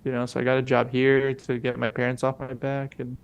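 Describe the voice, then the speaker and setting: A young podcast co-host with a gravelly, fry-edged voice at a middle pitch. He rambles through a slangy, profane story and slips into the voices of the people in it. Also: monotone, brisk. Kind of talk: casual chat, storytelling.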